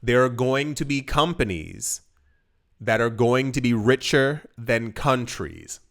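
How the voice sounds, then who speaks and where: A man of medium pitch hosts a casual video and talks straight to the viewer. He is emphatic and repeats words, stumbling and restarting as he pushes his point. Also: lively intonation, slow, creaky, a bit bright. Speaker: crypto video host. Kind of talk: casual direct-to-camera commentary.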